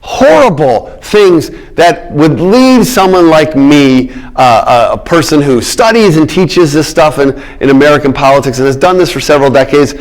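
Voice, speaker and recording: A man's voice: a little high, animated, moderate pace, few pauses. A middle-aged man giving a public lecture on politics, emphatic, repeating his key words and checking in with the audience.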